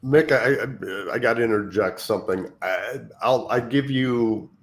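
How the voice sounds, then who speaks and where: Guy talking slow on a podcast, lots of restarts, kinda under the weather. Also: medium pitch, slight background noise. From Poland. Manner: halting, restarts often, candid. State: feeling unwell. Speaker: podcast co-host, former wrestler. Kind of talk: casual chat.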